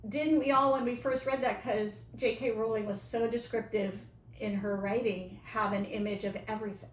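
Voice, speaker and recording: Enthusiastic higher-voiced woman co-host. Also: fairly even intonation, normal speed, far from the mic. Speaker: podcast co-host, educator. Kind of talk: casual podcast chat. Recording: roomy, off-mic with faint noise.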